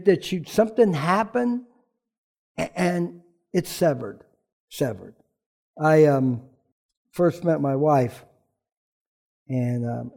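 Male pastor, high gravelly voice, casual storytelling sermon. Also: darkish tone. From rural background. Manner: conversational storytelling with humor.

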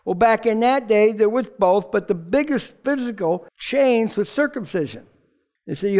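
A male pastor gives a loose, conversational sermon in a fairly high voice with a rough, gravelly edge. He is emphatic and informal, and at times he sinks into a quiet, heartfelt hush. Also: lively intonation, normal speed. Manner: informal and emphatic, drops to a hushed, emotional tone.

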